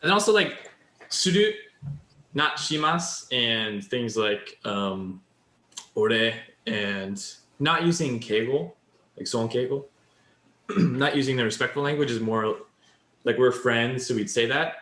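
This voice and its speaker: A man's voice: medium pitch, animated, slow pace, a bit bright, reverberant. A man co-hosting a podcast, explaining Japanese in casual chat and building example after example. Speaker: podcast co-host.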